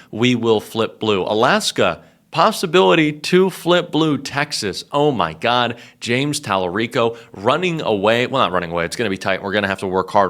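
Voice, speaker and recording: A male political commentator with a mocking, profane edge and quick asides. His pitch sits in the middle range. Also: fairly bright tone.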